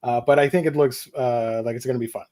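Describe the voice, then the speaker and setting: A man on a live chat as a guest, talking at length about comic movies. His voice sits at a middle pitch, and he fills pauses with plenty of uhs. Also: fairly even intonation, warm tone. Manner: talkative, explains with many fillers. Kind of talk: casual chat.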